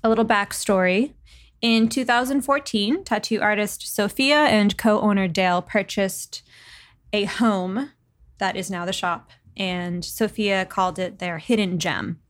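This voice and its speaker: A woman's voice: mid-range voice, a little slow. A young woman co-hosting a podcast, chatting and telling a ghost story with frequent laughs. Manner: laughs often, chatty and playful. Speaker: podcast co-host. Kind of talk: casual chat and storytelling.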